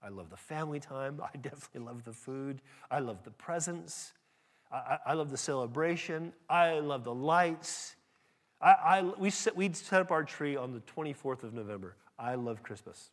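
A man's voice: medium pitch, expressive, normal speed. A man preaching a sermon in a conversational, emphatic way, often restarting his phrases. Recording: long hall reverb.

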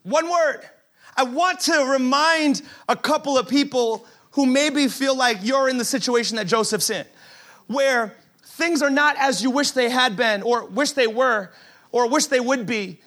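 A man preaching a sermon as pastor, his voice sitting high and sounding crisp and bright. He tells stories with humor, acts out imagined lines, and doubles up words when he drives a point home. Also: unhurried. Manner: humorous storytelling with acted-out quotes; animated, repeats words while building a point.

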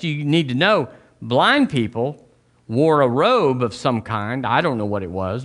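A man preaching a sermon as pastor, telling folksy stories and acting out quotes in sudden high voices. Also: a bit bright. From Southern US.

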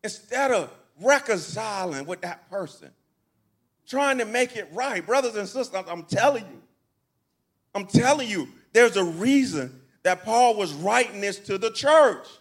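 A man with a high voice delivers a sermon in a church. He preaches in a folksy, conversational way, repeating his phrases and asking the congregation questions to draw them in. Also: lively intonation, a little slow. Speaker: pastor. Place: church sanctuary.

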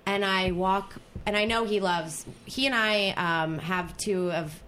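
A woman's voice: mid-range voice, measured pace. Lady co-host rambling through a story, fillers everywhere, slight hiss behind her. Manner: animated, rambling, full of fillers and restarts. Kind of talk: casual storytelling chat.

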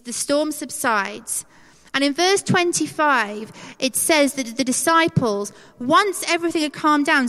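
A woman preaching a conversational, animated sermon, acting out quoted voices. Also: high-pitched. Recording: long hall reverb.

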